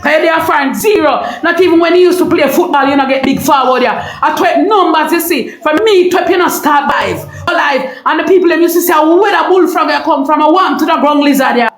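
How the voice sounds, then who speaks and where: A middle-aged woman with a Jamaican accent ranting on a live stream, loud and confrontational, repeating herself and breaking into shouts. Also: high voice, fairly quick, few pauses, reverberant, low-quality recording. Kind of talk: heated live-stream rant.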